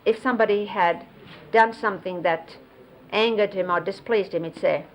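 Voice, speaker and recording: A woman recalling memories in an unhurried storytelling way, explaining and demonstrating hand gestures as she goes. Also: mid-range voice, slight background noise, low-quality recording. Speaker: close companion recounting memories of a spiritual teacher. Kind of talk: reminiscing storytelling. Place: 1970s videotaped sit-down interview.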